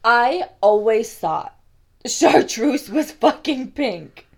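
A woman's voice: a little high, expressive, slow, vocal fry, a little mellow. A young woman co-hosting a casual podcast chat, profane and laughing, teasing in mock exasperation. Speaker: podcast co-host.

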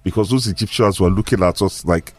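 A man's voice: low-pitched, a little fast, no room sound, soft background music. Nigerian man telling a sports story. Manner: hesitant, storytelling, lively when animated. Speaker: sports show panelist. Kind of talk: casual chat.

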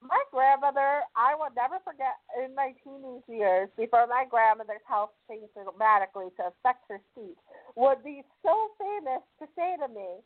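High-voiced woman telling personal stories. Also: normal speed. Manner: candid, blunt, conversational. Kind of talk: personal storytelling. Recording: tinny phone-like sound.

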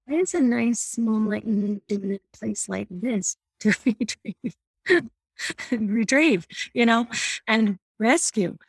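A middle-aged woman shares a personal faith story in an earnest, heartfelt way. Her voice has a gravelly edge. The sound is close and dry. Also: mid-range voice, no room sound. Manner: warm, earnest storytelling with self-deprecating laughs. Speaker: mother sharing a faith story.

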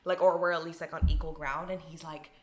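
A woman's voice: low voice, flat delivery, roomy sound. A young woman co-hosting a casual chat, telling personal stories candidly with frequent restarts. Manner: fast, candid storytelling with many restarts.

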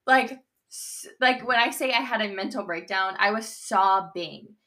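Bright-voiced chatty young woman. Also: mid-range voice, a little slow. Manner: chatty storyteller, heavy use of "like". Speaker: podcast co-host. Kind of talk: casual chat. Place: in Nashville, indoors.

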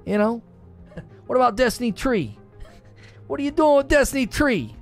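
A man's voice: very high voice, sing-song, normal speed, faint music behind, pitched above the performer's own voice, full character voice. A man doing the voice of a pushy tough-guy mobster with an accent, who keeps pestering with questions. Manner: needling, repeating questions, pestering.

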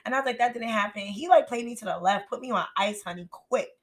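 Young woman, podcast co-host, casual chat, lively storyteller, laughs a lot. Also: on the high side, quick pace. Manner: animated storyteller, laughs often.

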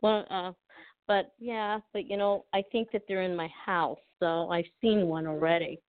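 A woman's voice: fairly low pitch, fairly even intonation, moderate pace, clear, resonant tone. A woman calling in to a show for a casual chat, talking in a rambling way and repeating herself. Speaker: caller. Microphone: phone. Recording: tinny phone line.

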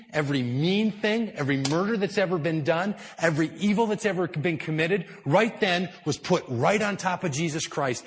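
A man preaching a sermon in a church hall, telling the story with drama and dropping to hushed tones before building up louder. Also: on the high side. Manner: dramatic storytelling, swinging between hushed and loud. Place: indoor church hall with high ceiling.

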